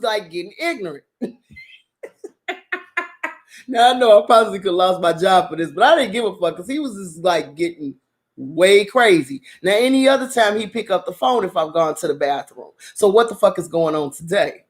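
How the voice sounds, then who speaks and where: A woman host casually telling a story in a blunt, profane, animated way, with frequent laughter. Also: mid-range voice, normal speed. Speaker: drama channel host.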